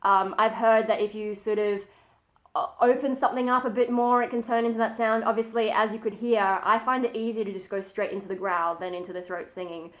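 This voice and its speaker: A woman gives an informal metal vocal tutorial at home, her mid-range voice steady and brisk. She keeps it chatty and humble, regularly interrupting herself to perform example sighs and growls.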